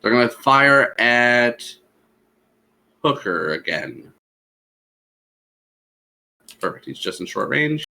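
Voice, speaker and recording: Male game master, bright voice, animated delivery. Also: mid-range voice, slow pace, vocal fry, pauses often. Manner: lively, animated narration. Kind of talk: narrating a tabletop game.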